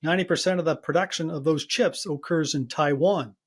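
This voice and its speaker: A man hosting an interview, putting measured, thoughtful questions to his guest. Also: fairly high pitch, breathy edge. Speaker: interview host.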